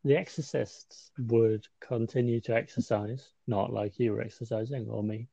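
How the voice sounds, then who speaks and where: A man's voice: medium pitch, steady tone, moderate pace, gravelly, warm tone, no room sound. A man co-hosting a podcast, explaining history in a casual chat with dry humor. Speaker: podcast co-host. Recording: slightly dull lo-fi sound.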